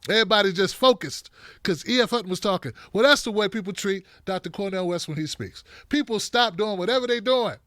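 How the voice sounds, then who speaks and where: A man hosting a live online show, greeting viewers by name in a casual, playful way, with a dry throat that he keeps clearing. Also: high-pitched, a little fast, dry recording. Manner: lively and animated, playful asides to viewers.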